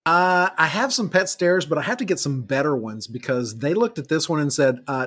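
A man's voice: a little high, lively intonation, fairly quick, hardly any pauses, fairly bright tone, breathy edge. A man chatting casually, telling amused stories about his dogs. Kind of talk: casual chat.

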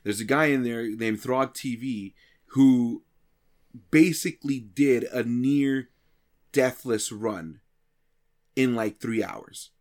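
A male streamer recounts his week in a casual chat, voice sitting in an ordinary middle pitch. He talks loosely and animatedly, swears freely and plays out his own reactions as he goes. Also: slow pace, long pauses, darkish tone. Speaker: streamer and podcast regular.

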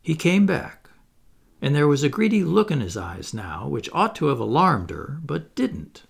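A man narrating a children's classic aloud in an expressive storybook reading. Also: a little high, unhurried, creaky, husky. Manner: expressive, animated. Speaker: audiobook narrator.

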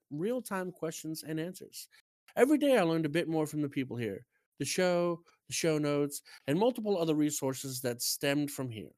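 A man co-hosting a casual podcast, reading out a listener message and the weekly news with lively emphasis. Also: on the high side, dry recording. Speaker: podcast co-host.

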